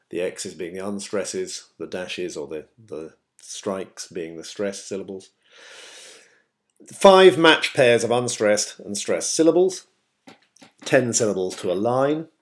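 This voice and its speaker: An English male teacher giving a measured, explanatory screencast lecture with many pauses. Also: lowish voice. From England.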